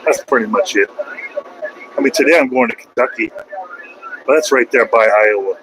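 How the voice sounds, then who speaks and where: A man's voice: mid-range voice, moderate pace, background noise. Rambling trucker man vlogging from his cab. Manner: loose and conversational, slangy, repeats himself and trails off. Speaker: truck driver vlogging from the road. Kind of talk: casual rambling vlog chat.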